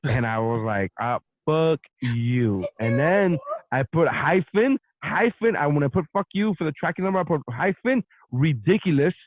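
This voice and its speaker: A man hosting a podcast, telling a story in a profane, animated casual rant. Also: on the high side, normal speed, no echo. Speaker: podcast host. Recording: dry, phone-like narrow sound.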